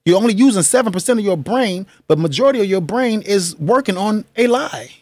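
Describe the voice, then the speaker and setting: A man's voice: high voice, animated, brisk, darkish tone, no room sound. A man hosting a podcast, talking casually and emphatically, with slangy asides and frequent laughs. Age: adult with children. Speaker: podcast host. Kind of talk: casual solo commentary.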